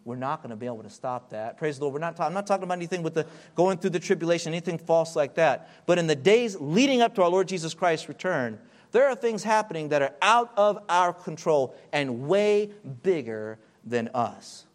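A man preaching a sermon, slowing and stretching key words, dropping to near-whispers and then building to loud, emphatic peaks. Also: on the high side, lively intonation. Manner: wide swings from hushed, drawn-out phrases to loud emphatic build-ups.

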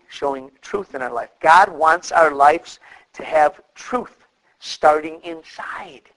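Male pastor, middle-aged, high voice, animated sermon delivery, acts out quoted voices. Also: slow, low-quality recording.

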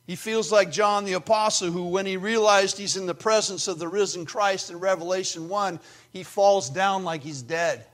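A man's voice: sits high, normal speed. Earnest man preaching a sermon. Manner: earnest, swings from hushed to emphatic. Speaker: pastor.

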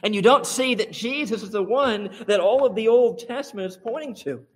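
A man with a high, light voice preaching a sermon. He fires off rhetorical questions and lists, dropping low for asides and rising sharply for emphasis. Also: moderate pace. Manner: animated, rhetorical questions, swings between quiet and emphatic. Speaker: pastor.

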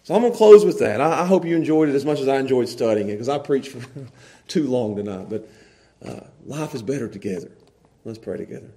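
A man preaching a folksy sermon to a small church congregation, swinging from hushed earnest passages to loud, excited storytelling. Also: mid-range voice, fast. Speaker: pastor. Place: small church, evening service.

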